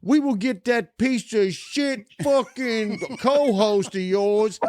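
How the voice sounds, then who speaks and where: A man's voice: high voice, slow, darkish tone, dry recording. A man co-hosting a casual podcast, joking crudely and swearing heavily. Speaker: podcast co-host. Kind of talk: casual chat.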